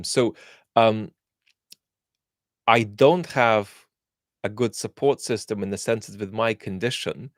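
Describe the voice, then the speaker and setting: A man's voice: fairly low pitch, slow, long pauses, no echo, studio quality. A man born in Russia hosting a live question-and-answer chat, thinking aloud and answering viewers with frequent ums and restarts. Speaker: host.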